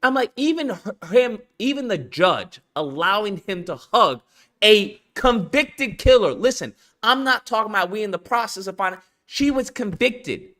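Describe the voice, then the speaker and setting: At a normal speed and in a high voice, a man hosts a casual chat and tells a story with emphasis. He animatedly acts out other people's quotes.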